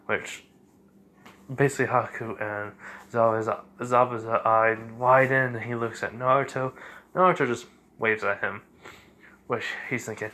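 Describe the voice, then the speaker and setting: A man's voice: medium pitch, steady tone, a little slow, pushed and bright. Rambling male fan-fiction storyteller. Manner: rambling, many fillers and self-corrections. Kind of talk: improvised fan-fiction retelling.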